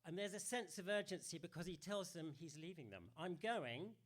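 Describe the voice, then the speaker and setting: A man's voice: sits high, expressive, a little fast. A man giving an all-age church talk, playful and chatty, asking the congregation questions. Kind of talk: sermon.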